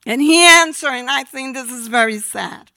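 A woman preaching a sermon, slow and emphatic, sometimes dropping her voice almost to a whisper. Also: high voice, bright, forceful tone, no echo.

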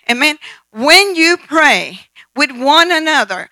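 A woman's voice: high voice, animated, unhurried, sharp tone, no echo, poor audio. A woman preaching a sermon, emphatic and asking the audience questions. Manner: emphatic, calls for amen and asks the audience questions.

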